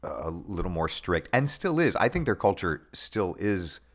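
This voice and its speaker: A man's voice: low-pitched, sing-song, measured pace, a bit bright. A man co-hosting a podcast, chatting casually and animatedly about an old TV show. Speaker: podcast co-host. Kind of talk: casual chat.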